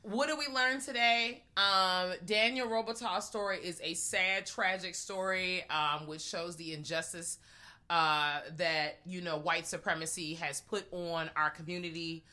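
A young woman talks through a film in casual chat, lively and prone to loud acted-out outbursts. Her voice is a little low for a woman, with a bright, forceful edge. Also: unhurried. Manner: animated, swings into loud acted-out reactions. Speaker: podcast co-host. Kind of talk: casual movie review chat.

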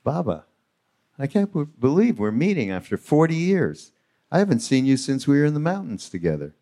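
A man's voice: mid-range voice, sing-song, fairly quick, dark tone, pitched above the performer's own voice. A man voicing a devout wandering male ascetic who pleads and rages, performed on a live retreat stage. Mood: overjoyed. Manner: pleading, then outraged.

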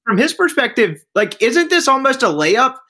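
Lively high-voiced man in sports chat. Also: moderate pace, husky. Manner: animated, asks leading questions. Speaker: podcast co-host.

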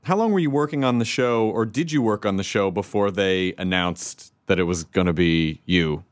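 A man's voice: deep voice, moderate pace. A man hosting a casual interview, playful and teasing, laughing easily. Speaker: podcast host.

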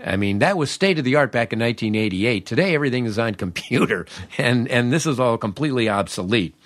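A man's voice: medium pitch, lively intonation, quick pace, dry recording. Wry older man telling a story. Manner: wry, self-mocking. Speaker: podcast host. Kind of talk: comic storytelling.

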